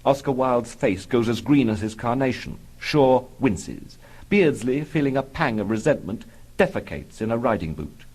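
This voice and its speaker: A man reading his own comic book aloud in a dry, deadpan manner. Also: medium pitch, normal speed, breathy edge, rough recording. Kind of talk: audiobook narration.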